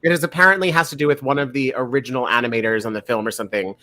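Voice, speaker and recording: A man's voice: mid-range voice, fairly even intonation, very fast, bright, forceful tone. A man hosting a playful quiz game on a video call, teasing his guests. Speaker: host. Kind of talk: game-show style hosting on a live stream.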